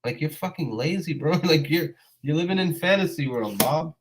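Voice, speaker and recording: A man's voice: on the high side, expressive, moderate pace, background noise. A man hosting a livestream, ranting back at commenters in a casual, profane, exasperated way, peppered with "bro" and "man". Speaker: livestream host.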